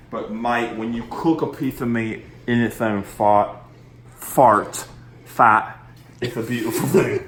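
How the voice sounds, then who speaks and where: A man's voice: medium pitch, close to an everyday voice. A man playing a cheeky, slangy male celebrity chef parody, chatting through a mock cooking tutorial in a home kitchen. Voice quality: chatty, slangy, self-amused. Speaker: host. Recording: echoey kitchen with background noise.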